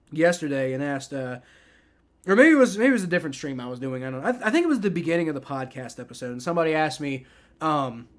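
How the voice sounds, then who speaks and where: A man hosting a live football reaction stream, talking casually and rambling, with frequent restarts and swearing. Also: a little high. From family from the American South. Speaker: livestream host.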